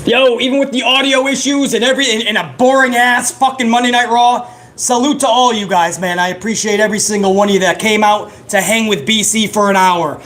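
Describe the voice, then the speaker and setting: A man giving live, profane play-by-play reaction to a wrestling broadcast, excitable and joking. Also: sits high, fairly quick. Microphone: headset.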